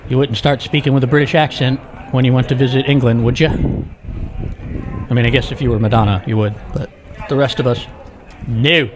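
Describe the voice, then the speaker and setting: With a steady tone at medium pitch, a man talks a little fast but leaves long pauses as he walks a busy street for a casual tour vlog. He chats with viewers over a backdrop of street noise and city ambience.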